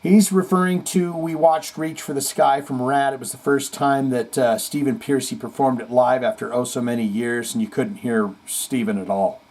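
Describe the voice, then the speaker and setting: A man's voice: mid-range voice, steady tone, moderate pace, few pauses, darkish tone. A man hosting a casual heavy metal chat stream, reading viewer comments aloud with jokey asides. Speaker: host.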